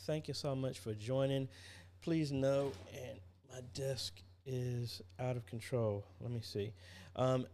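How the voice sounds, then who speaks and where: A man's voice: mid-range voice, darkish tone. Tired, chatty male livestream host. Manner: chatty, greets viewers by name, many fillers. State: tired, yawning. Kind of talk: casual livestream chat.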